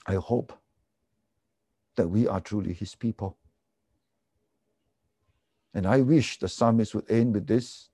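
A man preaching a sermon, earnest and emphatic, then dropping to hushed, quiet lines. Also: fairly low pitch, slow pace, pauses often, breathy edge, dry recording, clean studio sound. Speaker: pastor.

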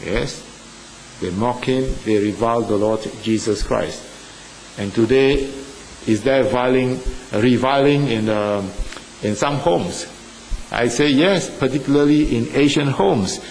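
A man preaching a sermon with an earnest, halting delivery, full of fillers, rising with emphasis at key points. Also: mid-range voice, darkish tone, a little hiss or hum, poor audio. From Singapore or Malaysia.

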